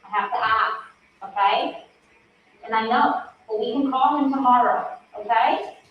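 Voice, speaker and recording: A woman speaks gently and coaxingly, urging someone to breathe in short repeated phrases, her voice sitting a little high. The bedside recording is distant and echoey, muffled, with faint noise behind it. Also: a little slow. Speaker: investigator interviewing a hospital patient. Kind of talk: bedside interview recording played in court. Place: hospital room.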